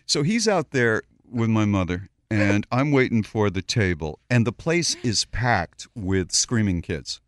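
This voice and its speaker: A male radio host tells a long anecdote in an animated, chatty way, jumping into other people's voices along the way. His pitch ranges widely. The studio sound is dry and close. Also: measured pace, hardly any pauses, no room sound. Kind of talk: casual on-air storytelling.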